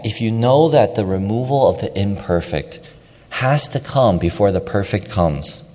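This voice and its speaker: A man with a lowish, somewhat dark voice preaches a sermon with emphasis, repeating key phrases and posing rhetorical questions. The recording carries the long reverb of a large hall.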